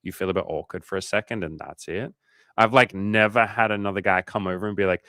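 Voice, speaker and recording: Laid-back man, low voice. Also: steady tone, fairly quick, sharp tone, smooth, no room sound, clean studio sound. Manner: casual, swears freely, lots of filler "like". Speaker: coach and livestream host. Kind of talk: casual livestream chat reading comments.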